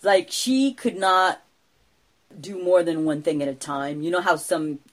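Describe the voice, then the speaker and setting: A woman co-hosting a podcast, telling a story casually in an animated, self-deprecating way with lots of fillers. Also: lowish voice, measured pace. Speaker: podcast co-host, storyteller in character.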